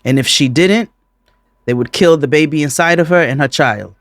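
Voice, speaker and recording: A man co-hosting a podcast in casual chat, animated and profane, often breaking into laughter. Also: a little high, moderate pace, dry recording. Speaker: podcast co-host.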